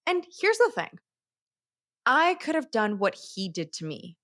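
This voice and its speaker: A woman hosts her own self-help show and tells a personal story in an animated, chatty way, laughing at herself along the way. Her pitch sits in the middle and swings widely. The sound is close and dry. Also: measured pace, no echo. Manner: animated, laughs at herself while telling stories. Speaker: podcast host.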